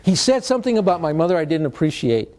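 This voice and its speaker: Older man, high and mellow voice, animated guest speaker telling stories to students. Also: quick pace. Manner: animated, mixes in Spanish slang, acts out quotes. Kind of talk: storytelling talk to students.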